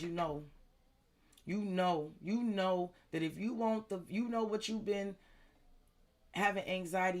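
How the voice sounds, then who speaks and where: Her voice is fairly low and somewhat dark as she reads tarot live for her viewers. She hammers her points home repeatedly, swears a lot, and welcomes people from the chat by name.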